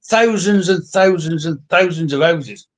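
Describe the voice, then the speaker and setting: A high-pitched man chats bluntly and swears freely. He talks in a relaxed, casual way. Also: a little slow. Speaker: electrician, co-host. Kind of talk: casual live-stream chat.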